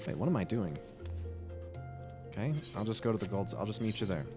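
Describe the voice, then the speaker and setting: A man's voice: lowish voice, animated, brisk, music in the background. A man doing casual, jokey gameplay commentary, reading game dialogue aloud, laughing and swearing now and then. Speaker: game streamer.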